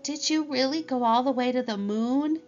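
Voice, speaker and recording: A woman reading aloud, voicing a small boy shrew with a squeaky voice in a storybook. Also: moderate pace, a little mellow, close to an everyday voice. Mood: eager. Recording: dull lo-fi with faint music.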